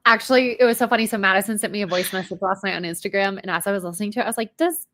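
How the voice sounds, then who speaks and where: A woman's voice: mid-range voice, fairly even intonation, racing, sharp tone, dry recording. A woman co-hosting a casual live stream, talking earnestly and at length. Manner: chatty, earnest, rambling. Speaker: podcast co-host.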